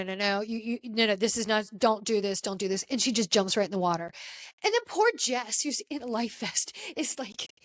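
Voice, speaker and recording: A woman hosting a casual podcast, telling a story with lively acted-out quotes from the people in it. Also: dry recording. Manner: animated storyteller, acts out quotes with pitch jumps. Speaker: podcast host. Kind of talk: casual chat recapping a reality show.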